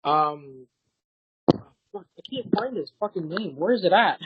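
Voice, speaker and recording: A man's voice: high voice, very animated, unhurried, breathy edge, highs cut off. A young man narrating as game master, hesitant and full of fillers, swearing casually as he improvises.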